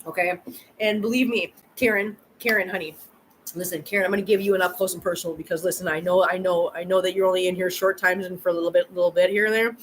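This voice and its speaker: A woman's voice: on the low side, slight background noise, low-quality recording. A woman hosting a live chat with viewers. She talks chattily, repeats words and answers comments directly. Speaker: channel host.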